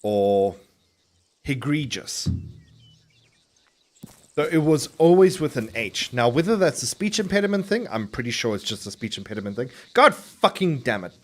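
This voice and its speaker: A man's voice: mid-range voice, sing-song, moderate pace. Rambling, swearing male game streamer. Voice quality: clearly enunciated. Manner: rambling, swearing, many restarts. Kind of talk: casual chat while streaming a game.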